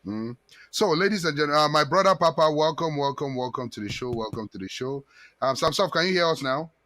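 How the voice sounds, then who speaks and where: A man's voice: fairly high pitch, expressive, fairly quick, pushed and bright. Chatty male live-stream host. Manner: chatty, reads out viewer comments, repeats himself. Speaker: talk show host. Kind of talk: casual live-stream chat.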